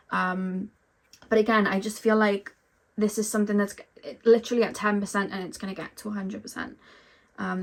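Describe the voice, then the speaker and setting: A woman's voice: mid-range voice, creaky, fairly bright tone. A woman giving a pick-a-card tarot reading, chatty and full of ums and likes, talking straight to the viewer. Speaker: tarot reader.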